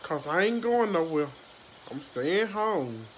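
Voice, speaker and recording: A woman's voice: fairly low pitch, sing-song, slow. A woman chatting casually into her phone for a vlog, blunt and swearing freely. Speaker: vlogger. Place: outdoors in the rain. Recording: loud rain noise around the phone mic.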